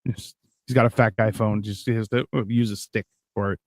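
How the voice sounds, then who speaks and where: A man's voice: fairly low pitch, fairly even intonation, a little fast, no room sound. A man hosting a live stream, bantering casually and mocking others with frequent swearing. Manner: joking, mocking, swears a lot.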